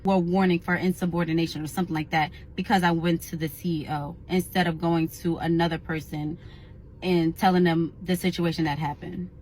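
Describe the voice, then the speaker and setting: A young woman telling a personal story in a casual, animated and indignant way, acting out what others said. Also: lowish voice, fairly quick, slight background noise. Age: young adult. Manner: animated, indignant, acts out quoted lines. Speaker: storyteller recounting a work experience.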